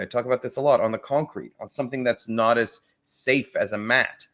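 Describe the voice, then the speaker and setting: A man's voice: medium pitch, fairly quick, a bit bright. Enthusiastic man reacting to martial arts. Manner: enthusiastic, thinks aloud with frequent restarts. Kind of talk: casual reaction commentary.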